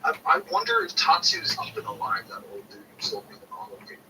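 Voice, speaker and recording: Talking fast in a very high-pitched voice laced with vocal fry, a man chats about model kits and meanders through an amusing story with lively humor. Background noise fills the room, and the microphone is placed a bit distant.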